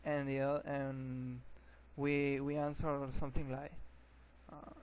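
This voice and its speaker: A man teaching an English lesson, often restarting words and filling pauses with uh and um. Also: medium pitch, level tone, darkish tone, low-quality recording. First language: Spanish. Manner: hesitant, repeats words, many fillers.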